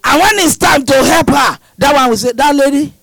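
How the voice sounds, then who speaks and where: High, lively-voiced preaching man. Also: brisk, gravelly, no room sound, poor audio. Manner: impassioned, shouting repeated prayer lines. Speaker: pastor. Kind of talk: preaching and praying over a congregation.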